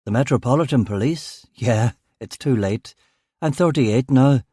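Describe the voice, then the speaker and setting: A man voicing a weary detective inspector in his late thirties, in his own mellow voice. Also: medium pitch, a little slow, slightly rough, no echo, clean studio sound. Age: 30s.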